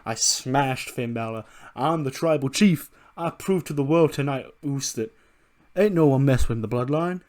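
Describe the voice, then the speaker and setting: A man doing a loud, bragging wrestling champ. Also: mid-range voice, normal speed, pitched above the performer's own voice, close to an everyday voice. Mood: boasting. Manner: loud ranting bravado. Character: boastful arrogant male wrestling champion.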